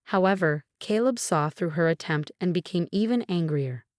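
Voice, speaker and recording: A young woman narrating a first-person story in a measured, even storytelling manner. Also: lowish voice, no room sound, clean studio sound.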